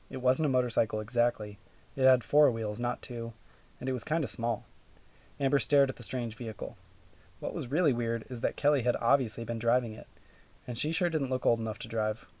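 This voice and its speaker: A man reading a children's audiobook aloud in a steady, even storytelling manner. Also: mid-range voice. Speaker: audiobook narrator. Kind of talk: scripted narration.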